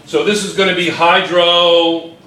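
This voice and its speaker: Male chemistry teacher, bright voice, drills the class with repeated questions; roomy classroom sound. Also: sits high, level tone, a little slow, distant mic, slight background noise. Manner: quizzing students, repeating questions. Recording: echoey classroom.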